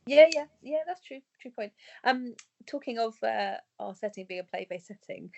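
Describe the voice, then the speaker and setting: A woman's voice: fairly high pitch, animated, moderate pace, vocal fry, darkish tone. A woman co-hosting a podcast in casual chat, talking in a chatty, self-mocking way and laughing often. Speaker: podcast co-host.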